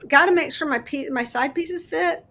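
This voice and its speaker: Speaking at normal speed in a high-pitched, slightly bright voice, the host of a miniatures crafting livestream comes across as chatty and sleep-deprived. She keeps things casual, thinking aloud and welcoming viewers as they arrive.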